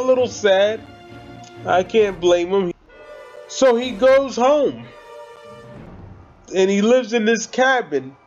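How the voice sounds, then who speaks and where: Slangy man with a high voice. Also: lo-fi sound. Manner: slangy, chatty, addresses viewers as guys and bro. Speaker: movie reviewer. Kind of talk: casual spoken movie review.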